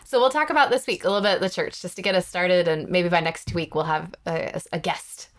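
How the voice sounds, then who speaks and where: A woman's voice: fairly low pitch, quick pace. A woman pastor co-hosting a podcast in a church office, chatty and upbeat, laughing often. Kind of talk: casual chat.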